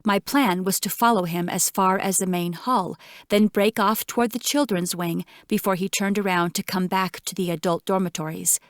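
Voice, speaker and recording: A woman narrating an audiobook in first person, with measured, tense storytelling. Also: medium pitch, steady tone, no room sound, clean studio sound.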